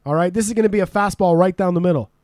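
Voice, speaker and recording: A man with a high voice runs a casual podcast quiz. He laughs a lot, swears freely and teases his guest. The sound is dry and close. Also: racing, a little mellow, no room sound. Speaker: podcast host. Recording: remote podcast call.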